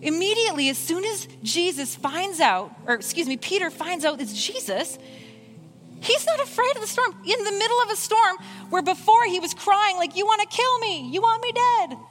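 Woman preacher, high voice, animated sermon delivery, faint guitar music behind. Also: moderate pace. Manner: animated, voices the Bible figures in quoted lines.

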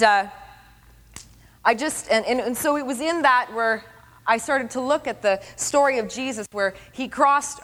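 Earnest woman preaching in a reverberant hall. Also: fairly high pitch. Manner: earnest, repeats phrases for emphasis, drops to a hush at tender moments. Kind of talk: sermon testimony.

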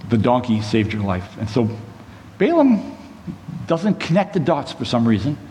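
A man's voice: medium pitch, very animated, normal speed, dark tone. Guy telling a bible story at church, chatty and easy, big hall echo, bit of background noise. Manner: conversational storytelling with side notes. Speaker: preacher. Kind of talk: sermon, retelling a Bible story. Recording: long hall reverb, faint room noise.

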